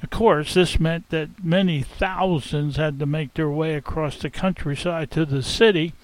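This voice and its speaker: A man telling a first-person dramatic monologue as an innkeeper, theatrical and expressive, savoring the tale. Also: a little high, measured pace, no room sound, poor audio. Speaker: storyteller.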